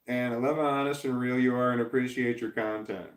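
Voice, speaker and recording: A man's voice: mid-range voice, fairly quick, hardly any pauses. A middle-aged man from Missouri chatting on a live stream, reading viewer comments and rambling with many restarts in a self-deprecating, droning way. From Missouri, USA. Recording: echoey room.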